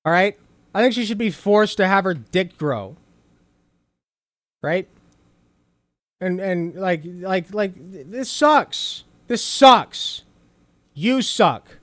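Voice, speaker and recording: A male commentator reacting to a clip with sarcasm and plenty of profanity. His voice sits high and jumps around a lot. The sound is close and dry, with no room around it. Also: animated, slow pace, pauses often, no echo. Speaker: host.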